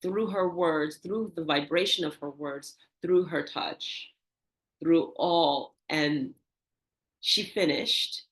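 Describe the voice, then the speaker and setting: An older woman, a guest in an interview, telling a personal story with animated, acted-out dialogue and soft, hushed reflective moments. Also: slow pace. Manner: animated, acts out quoted dialogue with rising pitch. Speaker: interview guest, energy healer.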